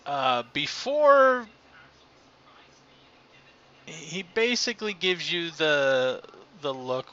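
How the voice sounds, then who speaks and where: A man's voice: medium pitch, expressive, slow pace, bright, forceful tone, highs cut off, slight background noise. A man narrating a tabletop game as game master, talking loosely and hesitantly with fillers.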